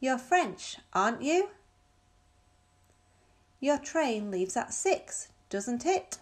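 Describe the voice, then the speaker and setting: Slow, careful woman reading textbook questions. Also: sits high, big pitch swings. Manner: clear, careful reading of sample sentences with marked intonation. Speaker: recorded audio speaker.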